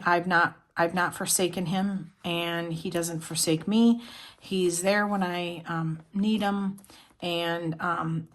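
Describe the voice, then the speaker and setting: A middle-aged woman chatting casually on her vlog, showing her planners and journals, talking in a heartfelt, rambling way with many fillers. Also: fairly low pitch. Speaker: planner vlogger. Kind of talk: casual show-and-tell chat.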